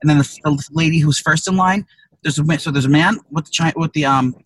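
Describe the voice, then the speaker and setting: Fast-talking man telling a profane story. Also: on the high side, fairly bright tone, slight background noise, low-quality recording. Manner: profane storytelling, rambling with restarts. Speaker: podcast co-host. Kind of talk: casual chat. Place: car.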